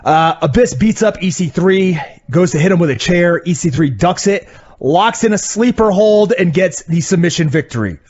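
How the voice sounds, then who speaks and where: Lively wry man recapping wrestling. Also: high voice, moderate pace. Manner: rambling, wry play-by-play recap. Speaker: podcast co-host reviewing wrestling. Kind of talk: casual recap chat. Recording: dull lo-fi audio.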